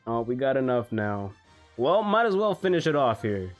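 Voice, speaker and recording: A young man giving casual, excitable commentary on a mobile game, swearing freely and laughing often. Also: mid-range voice, slow pace, pauses often, soft background music. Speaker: gaming YouTuber.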